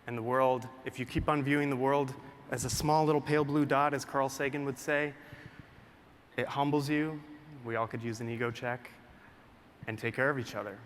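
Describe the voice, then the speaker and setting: A man's voice: medium pitch, normal speed. Emotional man speaking in a big hall. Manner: excited storytelling, choked up and earnest. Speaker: photographer presenting his work. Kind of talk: emotional live talk to an audience. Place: large hall with a live audience. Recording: long hall reverb, faint room noise.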